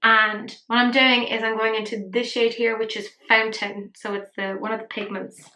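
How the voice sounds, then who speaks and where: A woman's voice: on the high side, pushed and bright, a little hiss or hum. A young woman talking through a makeup tutorial in a rambling, self-mocking way. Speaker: beauty vlogger. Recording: roomy echo.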